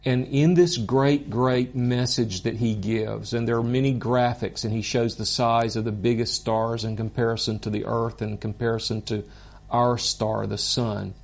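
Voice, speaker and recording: A man teaching a Bible course in an earnest, deliberate way, openly moved by what he teaches. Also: medium pitch, flat delivery, vocal fry.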